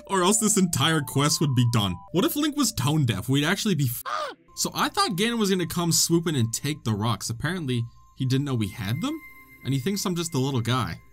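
Lively young man commenting on gameplay. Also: a little high, fairly quick, faint music behind. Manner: excitable, joking, swears casually. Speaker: let's play host.

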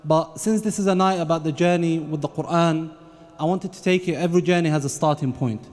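A man moderating a panel, friendly and unhurried, putting questions to the guests. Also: a little high, a little mellow. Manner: friendly and unhurried, with religious phrases. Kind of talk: hosting a panel Q&A. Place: event hall at an Islamic centre. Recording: long hall reverb.

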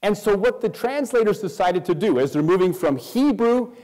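A man's voice: expressive, moderate pace. Emphatic preaching man in a reverberant hall. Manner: emphatic preaching, dropping soft and low for stress. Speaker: pastor. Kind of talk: sermon. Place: church.

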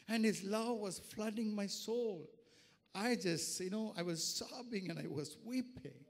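High-voiced preacher in an echoing church. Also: male voice, measured pace. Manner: earnest personal testimony building to fervent preaching. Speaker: pastor. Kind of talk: sermon. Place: church sanctuary. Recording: reverberant church hall.

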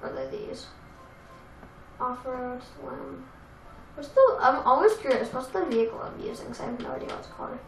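A young woman casually commenting on a racing game she plays, chatty and self-deprecating, with excitable outbursts. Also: high-pitched, normal speed, gravelly. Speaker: let's play gamer. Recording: echoey room with game music.

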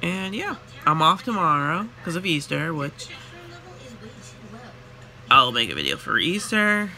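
A tired young man telling a chatty, animated story about his workday in a casual vlog. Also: fairly high pitch, measured pace, gravelly. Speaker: vlogger and retail worker.

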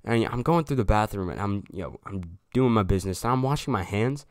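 A man's voice: lowish voice, animated, a little fast, hardly any pauses, no echo, clean studio sound. A young man telling a casual storytime to his viewers, loose and slangy, swearing freely. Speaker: storyteller vlogger.

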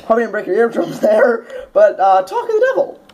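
A woman's voice: on the high side, big pitch swings, fairly quick, darkish tone. A young woman hosting a gameplay video, chatting casually as she plays, swearing now and then and bursting into sudden shrieks when startled. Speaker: let's play host.

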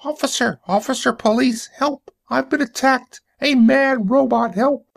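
A panicky, obese accuser from an audiobook story, shrieking in a high, piercing voice. His outbursts come in short, frantic yells. The sound is close and dry. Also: measured pace, gravelly, no echo, full character voice. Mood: hysterical. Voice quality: high-pitched screech. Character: obese shrill male human accuser, hysterical.

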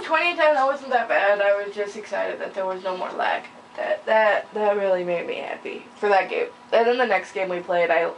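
A young woman giving casual, rambling gameplay commentary, giggling often and filling pauses with ums, a little sleepy with hiccups. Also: medium pitch. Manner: rambling, giggly, many fillers. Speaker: gaming channel host. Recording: distant mic with faint noise.

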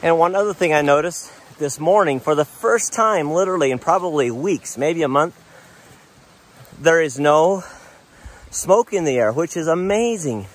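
Out on a mountain trail, this American vlogger, a middle-aged dad on a family hike, rambles casually about the way up and the natural surroundings. He's a bit out of breath, speaking at normal speed in a fairly high voice.

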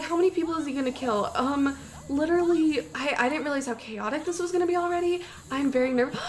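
A young woman with a high, bright-toned voice talks through gameplay in an excitable, panicky way, gasping and exclaiming. A faint hiss of noise sits under her voice. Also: a little fast. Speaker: gaming YouTuber. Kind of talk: gameplay commentary.

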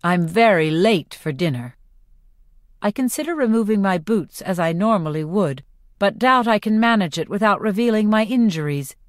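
A woman narrating a first-person novel in clear, expressive storytelling. Her pitch rises and falls with the story. The recording is close and dry. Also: moderate pace, dry recording. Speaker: audiobook narrator.

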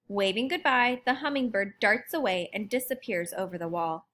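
A woman reading a children's picture book aloud in an expressive, lively way. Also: medium pitch, moderate pace, few pauses. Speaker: storybook narrator. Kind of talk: children's storybook read-aloud.

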